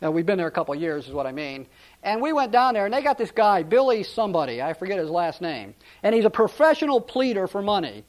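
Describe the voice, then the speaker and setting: A man's voice: high voice, sing-song, fast, darkish tone. A male pastor preaching a sermon in a conversational, storytelling way, with frequent restarts.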